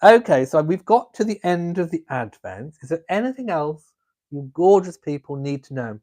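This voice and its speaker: His voice is slightly high, sing-song and warm, moving at an ordinary pace. An Englishman hosting a casual home live stream over coffee, he reads viewer comments out loud and chats with camp playfulness.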